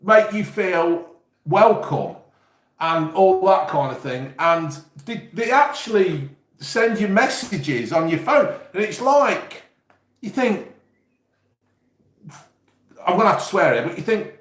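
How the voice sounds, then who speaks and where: A man's voice: sits high, big pitch swings, slow, long pauses, a bit bright, roomy sound. A man with an East Midlands English accent, rambling and swearing casually as he chats to viewers on his live stream. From England. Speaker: YouTube host.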